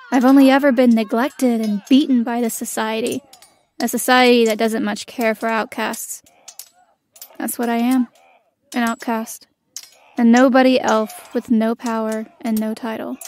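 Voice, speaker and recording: A woman's voice: fairly high pitch, vocal fry, darkish tone, a little hiss or hum. A young woman narrating in the first person as a bitter, magicless female elf soldier in an audio drama, her inner monologue defiant.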